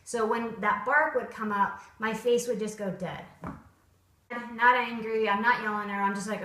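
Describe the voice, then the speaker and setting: A woman dog trainer talks through her methods in a relaxed, expressive way, now and then acting out bright or flat tones to make her point. Her voice sits at an ordinary pitch. She is picked up from a distance in a room with a noticeable echo. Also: normal speed. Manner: expressive, acts out upbeat and flat tones as examples. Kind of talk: casual instructional talk. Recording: roomy sound from a distant mic.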